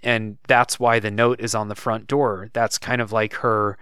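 A man talks casually about a story game he played, looping back with fillers as he thinks. His voice is smooth and resonant. The sound is dry and close, with no room around it. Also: fairly low pitch, a little slow, no room sound. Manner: relaxed, thinks aloud with many fillers. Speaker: podcast co-host. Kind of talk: casual chat.

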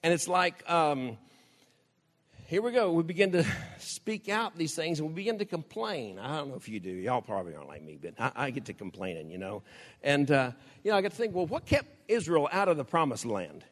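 A man's voice: on the high side, very animated, a little fast, in a large hall. An older man, preaching a conversational sermon in a folksy way, laughing often and acting out quoted prayers.

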